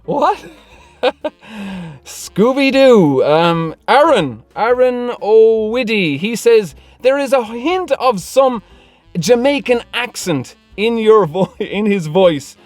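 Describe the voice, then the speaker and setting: Chatty high-voiced man. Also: lively intonation, takes it slowly, dry recording, faint music behind. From Ireland. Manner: chatty, laughs often between lines. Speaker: car vlogger. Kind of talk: casual Q&A vlog, reading comments.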